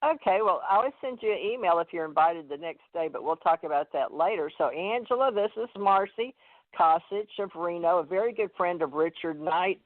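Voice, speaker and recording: A man's voice: high-pitched, lively intonation, normal speed, dry recording. A man hosting a call-in radio show, talking in a rambling way with many fillers and restarts. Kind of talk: casual call-in chat. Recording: tinny phone line.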